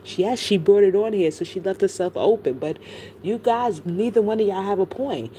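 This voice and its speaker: A woman's voice: mid-range voice, normal speed, dark tone, a little hiss or hum, poor audio. Blunt, gossipy middle-aged woman streamer. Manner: blunt, gossipy, heavy profanity. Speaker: streamer commenting on online drama. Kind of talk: casual livestream chat.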